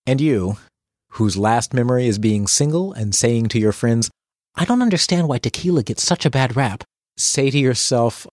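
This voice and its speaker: A man's voice: mid-range voice, expressive, moderate pace, no room sound, clean studio sound. A man hosting a tips podcast, reading a script with playful, dramatic asides. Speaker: podcast host.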